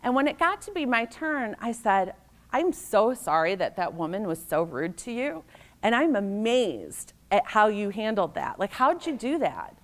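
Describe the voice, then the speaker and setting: A middle-aged American woman with a medium-pitched voice speaks at normal speed, her pitch swinging widely. Delivering a conference keynote, she shares personal anecdotes conversationally and acts out the voices of the people she quotes.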